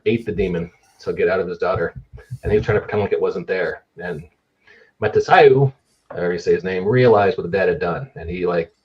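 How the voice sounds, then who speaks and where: A man's voice: low-pitched, a little mellow, dull audio. A man co-hosting a podcast, recounting movies in a rambling, hesitant way full of fillers. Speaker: podcast co-host. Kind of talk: casual podcast discussion.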